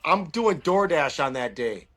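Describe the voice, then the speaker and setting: A man with a fairly high voice tells an animated story on a casual podcast. He mimics the people in the story by pushing his voice up. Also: measured pace. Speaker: podcast co-host.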